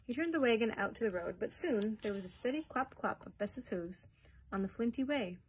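Husky-voiced woman reading aloud to children. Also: on the high side, animated, poor audio. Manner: gentle, pauses to comment on pictures. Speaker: children's librarian. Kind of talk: reading a chapter book aloud.

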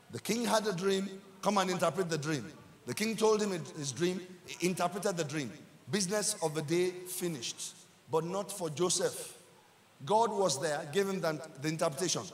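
A man with a Nigerian accent, a pastor preaching a sermon in church, building up to shouted emphasis and repeating his lines. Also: high voice, in a large hall.

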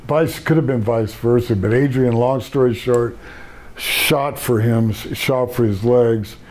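An older man who used to wrestle professionally tells meandering stories in a casual interview, often starting over mid-thought. His mid-range voice has a dark tone and noticeable vocal fry.

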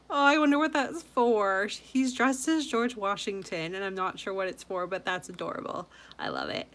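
A woman hosting a scrapbooking channel, chatting casually and gushing over viewers' layouts, with frequent soft asides. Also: mid-range voice, sing-song, normal speed, hardly any pauses.

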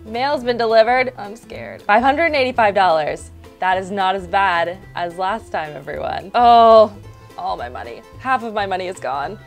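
A young woman hosting casual gameplay commentary, chatty and excitable, narrating each step aloud. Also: mid-range voice, moderate pace, soft background music. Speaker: gaming YouTuber, host.

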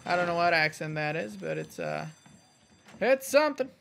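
Gravelly high-voiced man, rambling game commentary. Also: expressive, moderate pace, a bit bright, slight background noise. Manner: rambling, jokey, swears and mutters to himself. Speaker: gaming channel host. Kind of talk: casual gameplay commentary.

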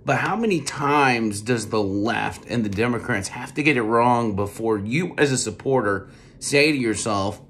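A podcast host, speaking with a hoarse, strained voice after losing it, ranting in casual political commentary with repeated words. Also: male voice, mid-range voice, animated, normal speed, a bit bright. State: lost his voice.

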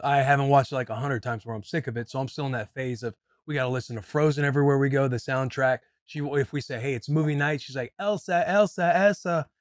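A man in his thirties chatting casually on a podcast, telling stories about home life with a relaxed, ordinary-pitched voice. He drifts now and then into loose, off-key singing. The sound is close and dry, with no room around it. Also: no room sound. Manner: storytelling, breaks into off-key singing. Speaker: podcast co-host.

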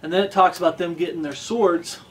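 A man's voice: high voice, steady tone, brisk, a little hiss or hum. A man preaching a fervent sermon, pressing his listeners with repeated questions.

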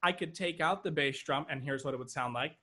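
A drum instructor with a slightly high voice teaches an online lesson over a video call, speaking fairly quickly. A drum kit plays loudly behind him as he explains patterns step by step, checking in with "okay" along the way.

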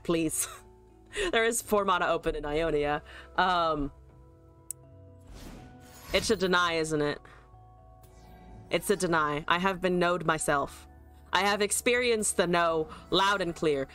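A woman's voice: on the low side, moderate pace, long pauses, fairly bright tone, soft background music. A woman streamer casually commentating her card game, joking, laughing and swearing freely.

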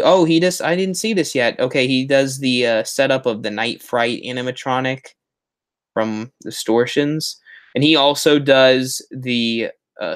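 A man hosting a casual live stream, rambling and chatty, with self-mocking asides as he fumbles through his setup. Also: medium pitch. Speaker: host of a Halloween prop channel live stream.

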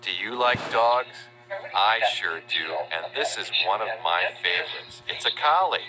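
A man narrating a children's educational video, spelling out words letter by letter in a friendly, deliberate way. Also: lowish voice, expressive, music in the background. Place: voice-over.

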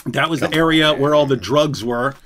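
A man's voice: fairly high pitch, normal speed, a bit bright. A man hosting a casual live chat, telling stories with many restarts and frequent laughter. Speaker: host. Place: indoors, live stream.

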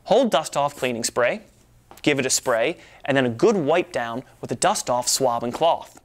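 A man's voice: mid-range voice, lively intonation, normal speed. A man giving a playful, exaggerated comedic demonstration as a presenter. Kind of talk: comedic product demo.

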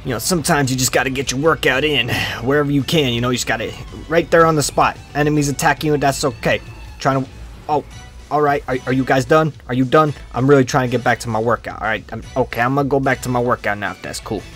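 A man's voice: mid-range voice, quick pace, a bit bright, soft background music. A young man giving goofy, slangy comedic commentary over his own gameplay, trash-talking the other players. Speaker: gaming video creator.

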